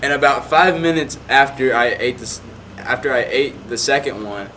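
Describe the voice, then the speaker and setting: A man's voice: medium pitch, moderate pace, sharp tone, a little hiss or hum. A young man casually telling a rambling story, full of "like" fillers.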